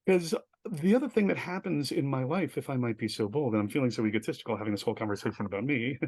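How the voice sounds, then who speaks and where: Fast-talking animated man. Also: medium pitch, no room sound. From United States. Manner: animated, acts out quoted dialogue in bursts, self-deprecating. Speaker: guest, professor and theater artist. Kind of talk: conversational storytelling in an interview.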